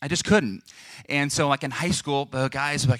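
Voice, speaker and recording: A young man preaching a lively, joking sermon to a congregation, acting out the voices of people in his stories. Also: mid-range voice, moderate pace, dry recording, clean studio sound. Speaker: pastor.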